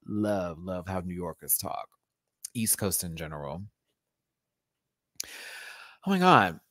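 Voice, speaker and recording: A man's voice: sits low, expressive, slow pace, long pauses, a bit bright, no echo, clean studio sound. A man hosting a casual live-stream chat, sassy and campy, laughing often and using playful slang. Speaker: host.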